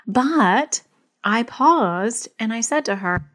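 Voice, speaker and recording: A woman's voice: fairly high pitch, expressive, slow, a bit bright. A woman who is a therapist and a parent, talking in an earnest, chatty way with lots of "like" fillers as she gives advice. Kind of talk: casual advice monologue.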